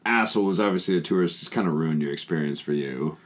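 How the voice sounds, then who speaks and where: A man's voice: low voice, fast. A man co-hosting a casual podcast, teasing and arguing back in a dry way. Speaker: podcast co-host.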